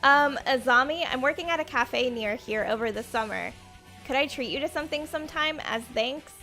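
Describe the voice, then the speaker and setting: Bright-voiced woman reading a game. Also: high voice, a little fast, faint music behind. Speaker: player reading a visual novel aloud.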